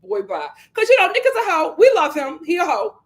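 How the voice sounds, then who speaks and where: Brief: young woman, high voice, sassy recap host, lots of slang and energy. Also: fast. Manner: animated, sassy and slangy, jumps into mimicking the cast. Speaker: reality show recap host. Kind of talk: live casual recap commentary.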